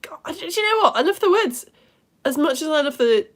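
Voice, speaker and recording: A woman from the UK hosts a live-streamed lesson for children, reading out viewers' names. Her voice sits a touch high and jumps between bright, excited greetings and soft, murmured asides. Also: fairly quick.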